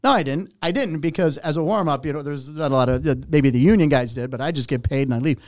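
A middle-aged man, a warm-up comedian, telling a story in casual chat, animated and profane, acting out what people said. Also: on the high side, fast talker, dry recording, clean studio sound. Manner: animated, profane, acts out quotes.

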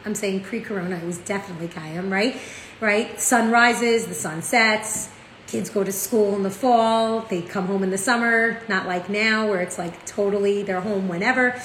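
A woman, teaching in a casual, chatty way. Her storytelling is animated, full of "like" and "right?" asides. The room is echoey, with a faint hum of ambience behind her. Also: medium pitch. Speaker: Torah class teacher. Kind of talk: casual spoken lesson.

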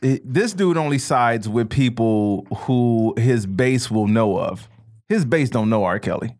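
Animated, profane man joking around. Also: mid-range voice, unhurried. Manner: profane, animated, does mocking impressions. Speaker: podcast co-host. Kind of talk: casual comedic chat.

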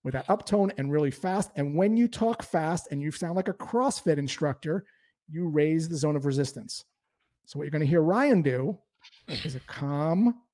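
A man explaining sales calling techniques in a lively coaching talk. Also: a little high. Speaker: sales trainer. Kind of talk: instructional talk.

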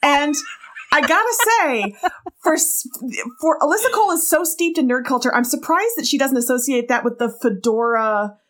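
A woman with a high voice chats playfully about a novel, laughing often and mimicking characters. She sounds relaxed and teasing. Her remarks come in quick bursts between her co-host's retellings. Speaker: podcast co-host. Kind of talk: casual book chat.

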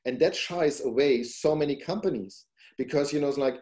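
A company founder appearing as a podcast guest gives long, casual, rambling answers, peppering them with "you know, it's like" and getting emphatic when he makes a point. His voice is fairly high and warm, and he talks a little fast.

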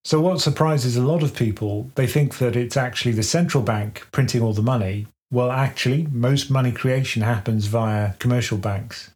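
A man co-hosting a finance podcast, explaining banking in a measured, conversational way with everyday analogies. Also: medium pitch, a little mellow.

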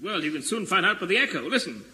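A man's voice: sits high, sing-song, fast talker, bright, forceful tone, heavily acted. A squawky bumbling Welshman. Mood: flustered. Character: bumbling earnest Welsh gentleman. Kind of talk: 1950s radio comedy acting. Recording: hissy old radio broadcast recording.

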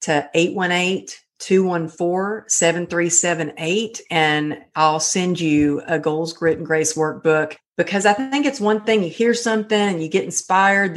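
Candid woman guest, low-pitched. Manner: candid, emotional, filler-heavy. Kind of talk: personal storytelling interview.

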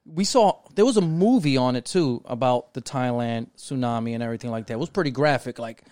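A man's voice: medium pitch, brisk, darkish tone, no room sound, studio quality. A man co-hosting a podcast, chatting casually in a rambling way, swearing freely and trailing off mid-thought. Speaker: podcast co-host.

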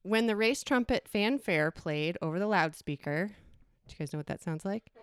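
Smooth-voiced woman reading a memoir. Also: on the low side, expressive. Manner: reflective, measured reading with brief acted quotes. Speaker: storyteller. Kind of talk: personal essay read aloud.

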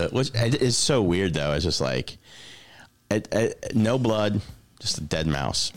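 A man's voice: on the low side, expressive, slow pace. A man co-hosting a podcast in laid-back casual chat, swearing a lot. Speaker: podcast co-host.

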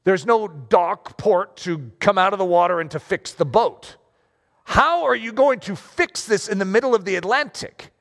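A man preaching a sermon, talking in a lively, conversational way with self-deprecating asides. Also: sits high, normal speed, long reverb tail. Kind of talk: sermon with story reading.

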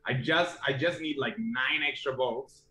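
A man's voice: medium pitch, measured pace, pushed and bright. A man playing a tabletop game, chatty and haggling with the game master. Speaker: player.

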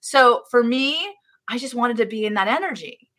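A middle-aged woman, a guest author, telling a story in an interview in an expressive way, with many restarts. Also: on the high side, normal speed. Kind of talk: storytelling in a live-streamed interview.

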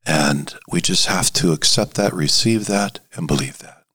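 A man preaching an informal sermon, halting, with many fillers and restarts, and dropping to a hushed voice for emphasis. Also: sits low, breathy edge.

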